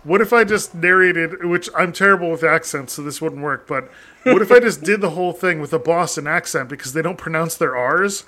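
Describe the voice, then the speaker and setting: A man's voice: fairly high pitch, brisk, bright, forceful tone. A man hosting a casual podcast with friends, laughing often, swearing and joking at his own expense. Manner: laughing, swearing, self-mocking. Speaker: podcast host.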